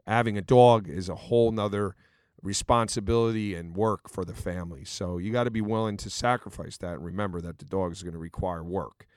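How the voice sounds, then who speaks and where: A middle-aged man chats in a casual, earnest way, filling his stories with pauses and small restarts. His voice sits fairly low. The sound is dry and close, with no room around it. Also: fairly even intonation, darkish tone, clean tone, no echo. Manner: earnest, storytelling, many fillers. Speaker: podcast co-host. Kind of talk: casual chat.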